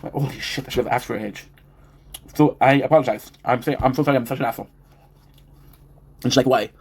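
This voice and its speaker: A man's voice: mid-range voice, steady tone, fast talker, creaky, breathy edge. A man in his thirties on a livestream, telling a story at length, emotional and swearing, repeating himself. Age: 30s. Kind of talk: rambling confessional livestream talk.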